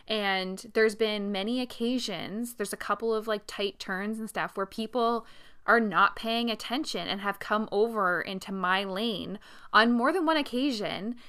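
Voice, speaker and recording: A woman co-hosting a podcast in casual chat, chatty and quick to agree and laugh. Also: medium pitch, fairly bright tone, clear, resonant tone. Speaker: podcast co-host.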